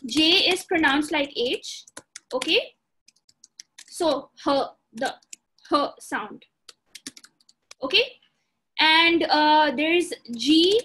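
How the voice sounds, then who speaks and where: High bright-voiced woman teaching. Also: a little hiss or hum. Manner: patient, repeats points and checks understanding. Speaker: language instructor. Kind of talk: beginner language lesson.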